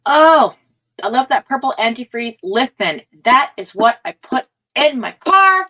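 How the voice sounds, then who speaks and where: A woman hosts a relaxed livestream and talks straight to her viewers, reading their comments out loud. Her voice sits a little high. She laughs easily and her chat rambles along in a friendly way. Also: unhurried, rough recording. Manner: chatty, laughs often, reads chat aloud. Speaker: tarot livestream host.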